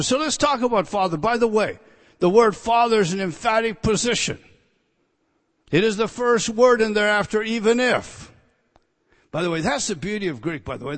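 Impassioned preacher with a high, ringing voice. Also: male voice, in a large hall. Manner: swings from loud emphatic declarations to hushed, intense near-whispers; direct address to listeners, rhetorical questions. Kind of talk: expository sermon.

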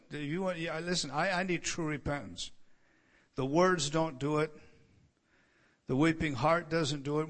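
A man preaching a sermon in an emphatic, repetitive way, lifting his voice on the words he wants to stress. He often stumbles and restarts his phrases. His speaking voice sits fairly high for a man. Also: fairly bright tone. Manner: stammering restarts. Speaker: pastor. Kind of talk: expository sermon.

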